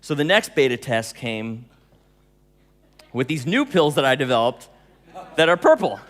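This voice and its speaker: A man giving a storytelling talk to an audience, animated, laughing often and acting out dialogue. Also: medium pitch, unhurried, in a large hall. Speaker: speaker telling stories to an audience.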